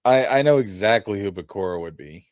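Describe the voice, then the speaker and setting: A man's voice: lowish voice, expressive, fairly quick, a little mellow. A young man co-hosting a casual podcast chat, blunt and swearing casually. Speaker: podcast co-host.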